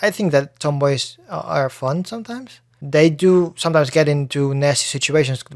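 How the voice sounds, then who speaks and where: This solo podcast host has a voice on the high side and speaks loosely, swearing plenty and often starting over mid-thought. The clean studio sound carries no echo.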